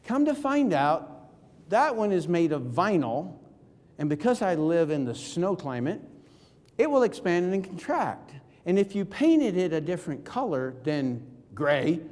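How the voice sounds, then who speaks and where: Emphatic man speaking in a reverberant hall. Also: sits high. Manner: emphatic, rhetorical questions to the audience. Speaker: keynote speaker. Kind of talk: motivational seminar talk.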